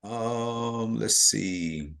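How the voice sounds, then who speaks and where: A man with a lowish voice runs a live question session for an investing class over a video call. He talks in a relaxed, unhurried way and often restarts his sentences. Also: gravelly. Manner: relaxed, hesitant with fillers and restarts. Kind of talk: live online Q&A.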